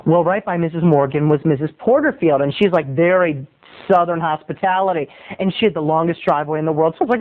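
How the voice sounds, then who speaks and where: A man's voice: fairly high pitch, quick pace, few pauses. A man, a video blogger, telling a rambling comic story in a theatrical way. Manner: theatrical, rambling, jumps into voices. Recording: muffled lo-fi phone-like sound.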